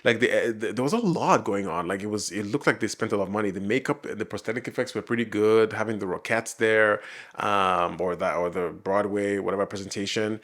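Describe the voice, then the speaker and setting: A man's voice: lowish voice, brisk, fairly bright tone. A man giving casual reaction commentary on a TV episode, rambling with many fillers and restarts and laughing often. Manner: laughs often while talking. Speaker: reaction video host.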